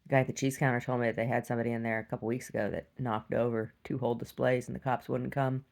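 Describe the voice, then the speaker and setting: Animated woman with a low gravelly voice. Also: quick pace. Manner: animated, laughing, swings from loud to hushed. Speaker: vlogger. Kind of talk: casual storytelling rant.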